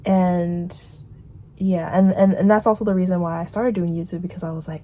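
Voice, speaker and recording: Woman, young adult, casual vlog chat, rambling and animated, warm relaxed tone. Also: fairly low pitch, normal speed, slight background noise. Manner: rambling, animated, quotes herself in put-on voices. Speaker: vlogger.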